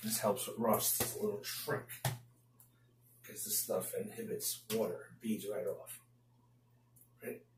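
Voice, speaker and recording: A man's voice: on the low side, flat delivery, measured pace, long pauses, background noise. Chatty New York man in echoey bathroom. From the Bronx, New York. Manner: chatty, mutters to himself while working, mild exasperated exclamations. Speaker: DIY YouTuber. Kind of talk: casual DIY video commentary. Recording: echoey room.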